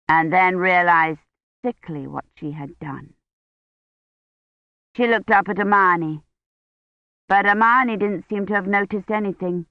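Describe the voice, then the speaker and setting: Slow, low-voiced woman narrator. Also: dry recording, lo-fi sound. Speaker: audiobook narrator. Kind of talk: scripted narration.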